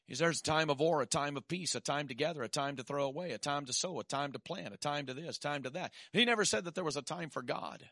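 A man preaching a sermon, swinging from shouted peaks to quiet asides and dropping in "amen.". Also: fairly high pitch, fast, hardly any pauses, dry recording, studio quality.

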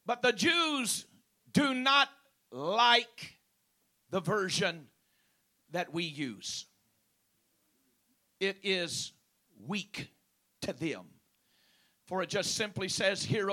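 High-voiced, emphatic male preacher. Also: bright, forceful tone. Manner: emphatic, drawing out key words; punctuates with praise and amen. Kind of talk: sermon.

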